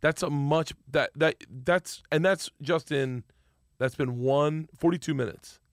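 Excitable man hosting a podcast. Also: a little high, a little slow, no room sound, studio quality. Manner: excitable, swears, bursts into loud laughter. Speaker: podcast host. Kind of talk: casual podcast chat.

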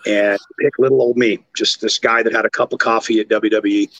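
Gravelly Canadian man telling stories. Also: lowish voice, brisk, dry recording, low-quality recording. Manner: animated, profane, jumps into impressions. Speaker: podcast guest, former wrestler. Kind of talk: casual storytelling.

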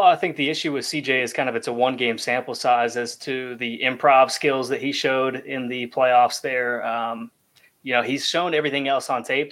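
A man's voice: medium pitch, fairly bright tone. A man on a sports podcast defending his quarterback pick, thoughtful and hedging. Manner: thoughtful, hedges, laughs easily. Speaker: sports analyst panelist. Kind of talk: casual sports analysis.

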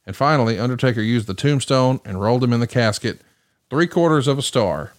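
Male podcast host, brisk recap commentary, questioning co-host, mid pitch, dry close mic. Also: lively intonation, no echo. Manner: brisk, reads match results and asks questions.

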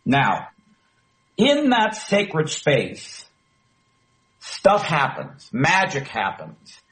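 A middle-aged man, a former talk radio host, telling a story in an interview with emphatic, animated delivery. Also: fairly high pitch, very slow, rough recording. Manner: animated, emphatic storyteller who acts out quoted dialogue.

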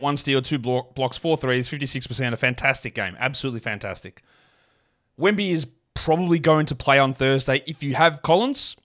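A man's voice: medium pitch, a bit bright. A man hosting a solo sports podcast, talking in a blunt, rambling, self-mocking way. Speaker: podcast host. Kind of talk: casual solo podcast talk.

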